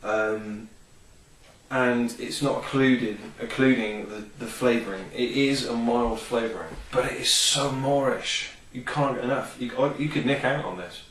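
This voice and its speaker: A man's voice: mid-range voice, a little slow, a bit bright. A man reviewing a product in a casual, rambling vlog, full of ums and enthusiasm. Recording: roomy, distant from the mic.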